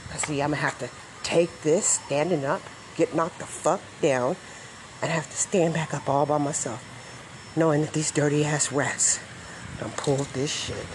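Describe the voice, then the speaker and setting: A woman's voice: low voice, normal speed, noisy background. A woman in her forties ranting furiously and bitterly, full of profanity. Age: 40s. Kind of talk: angry rant vlog.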